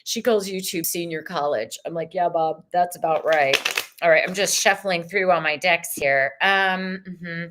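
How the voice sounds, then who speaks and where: A woman's voice: lowish voice, unhurried, fairly bright tone. A woman hosting a live tarot reading, bubbly and effusive, her voice a little tired. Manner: bubbly, effusive, sprinkles in "y'all", sometimes sings. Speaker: tarot reader and livestream host.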